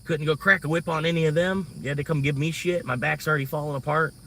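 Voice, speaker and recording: A man rants at length in a loose, profane, rambling way, venting frustration. His voice sits a touch higher than most men's. He is picked up from a little distance, with faint outdoor night noise around him. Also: fairly even intonation, fast talker, a bit bright. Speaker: livestreamer. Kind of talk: casual venting monologue.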